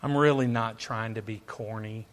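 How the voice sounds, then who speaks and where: A man's voice: on the low side, fairly even intonation, normal speed. A man preaching a sermon, emphatic and repetitive, firing off rhetorical questions to his listeners.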